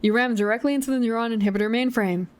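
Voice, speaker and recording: A woman's voice: a little high, very fast. A young woman streamer reading a choose-your-path gamebook aloud, with chatty, giggly, self-deprecating asides.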